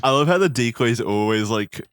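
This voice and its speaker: A man's voice: mid-range voice, lively intonation, normal speed, fairly bright tone, clean tone, dry recording, studio quality. A man co-hosting a podcast, teasing and playful in casual banter. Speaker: podcast co-host.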